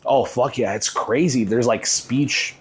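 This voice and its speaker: A young man hosting a casual podcast in a loose, joking manner, swearing freely and laughing often. His voice sits at a plain middle pitch. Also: unhurried. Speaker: podcast host.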